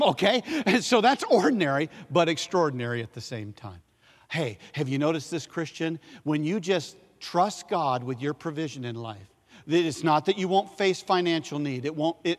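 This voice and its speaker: A male pastor preaching a sermon, leading call-and-response, repeating key phrases and swinging between loud emphasis and hushed lines. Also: sits high. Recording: long hall reverb.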